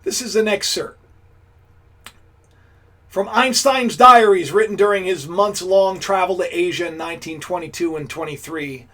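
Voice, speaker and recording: High, husky-voiced man chatting live. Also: normal speed, sharp tone. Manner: chatty, talks straight to viewers and greets them; rambling with frequent restarts. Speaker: livestream host. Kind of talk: casual live-stream commentary.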